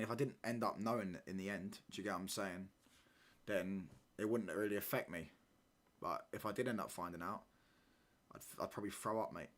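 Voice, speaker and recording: Slangy young streamer man. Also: on the low side. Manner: casual slangy banter, repeats phrases, gets loud when ranting. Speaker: watchalong streamer. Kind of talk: live football watchalong chat.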